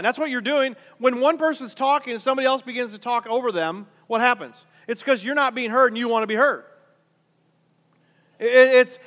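High-voiced pastor in a reverberant hall. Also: male voice. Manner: conversational, swings from quiet asides to loud emphatic points. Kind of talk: sermon. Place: large church hall.

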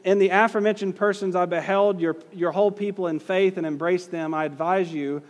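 A man's voice: high voice, steady tone, brisk. Man lecturing a class in a reverberant hall. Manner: conversational, stresses key words, asks the class questions. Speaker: teacher. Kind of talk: classroom lecture reading historical quotes.

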